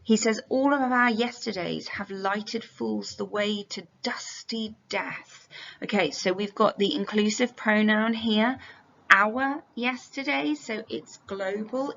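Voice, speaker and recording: A woman's voice: medium pitch, fairly bright tone. A young adult woman explaining a play for exam revision as a teacher, often reading quotations aloud. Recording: dull lo-fi sound.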